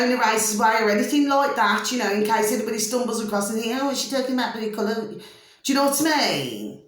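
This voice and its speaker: A middle-aged woman with a homely, rambling way of talking, chatting about spiritual matters in a vlog. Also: medium pitch. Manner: rambling, homely, fond of mild slang like "flipping" and "blooming". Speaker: vlogger. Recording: very echoey room.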